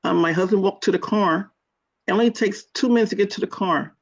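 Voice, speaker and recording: Woman, guest, earnest storytelling, gravelly voice, middle pitch. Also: brisk. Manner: earnest, retells her own quoted words with rising intensity. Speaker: guest sharing her kidney disease story. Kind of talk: emotional personal storytelling.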